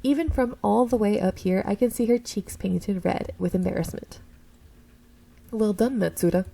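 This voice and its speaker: A woman reading a visual novel aloud in the first person. Her voice is mellow, with a gravelly fry. She reads expressively and corrects her own slips as she goes. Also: mid-range voice, normal speed, low-quality recording. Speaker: game streamer reading a story game aloud.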